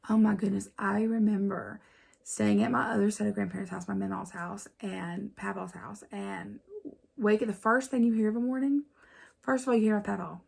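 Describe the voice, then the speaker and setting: Appalachian woman vlogger, mid-pitched and heavily creaky, loose chatty storytelling. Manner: rambling, chatty, many fillers. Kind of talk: casual storytelling to camera.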